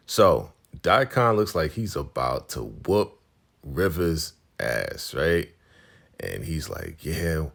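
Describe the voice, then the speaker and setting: A man with an extremely low voice walks through a TV episode in a casual, animated way. There is a gravelly fry in his voice, and he keeps slipping into the characters' lines as he retells each scene. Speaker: recap show host.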